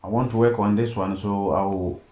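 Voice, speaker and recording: A man teaching a design software tutorial step by step and often checking in with "okay?". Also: lowish voice, normal speed. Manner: steady step-by-step explaining, frequent "okay?" check-ins. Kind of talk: screen-recorded tutorial narration. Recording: echoey room, faint background noise.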